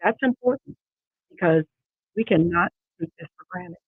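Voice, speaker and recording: Grandma-aged woman in an interview, husky and a little gravelly, keeps repeating her points, tinny dry call audio. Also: lowish voice, moderate pace, no echo. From Erie, Pennsylvania. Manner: earnest, repeats key phrases for emphasis. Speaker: judicial candidate guest. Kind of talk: earnest interview answers.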